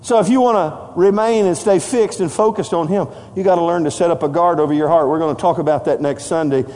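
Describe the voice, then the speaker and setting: An older man preaching a sermon to his congregation, passionate, climbing into shouted lines. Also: on the high side, fast. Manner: impassioned, rising to shouts. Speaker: pastor. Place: church sanctuary. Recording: long hall reverb.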